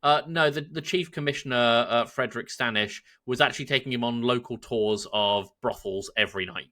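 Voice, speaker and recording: A man's voice: medium pitch, brisk, pushed and bright. A man with an English accent, co-hosting a podcast, telling a historical story in a casual chat and laughing often. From England. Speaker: podcast co-host.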